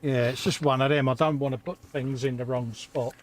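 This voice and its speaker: A man's voice: mid-range voice, steady tone, a little fast. A middle-aged man co-hosting a live hobby stream, easygoing and agreeable, reading out viewer comments between brief replies. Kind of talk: casual chat while building models.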